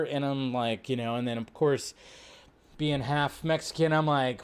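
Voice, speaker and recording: A young adult man hosting a casual live stream, rambling and animated, with frequent restarts. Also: medium pitch, measured pace, clear, resonant tone. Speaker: host.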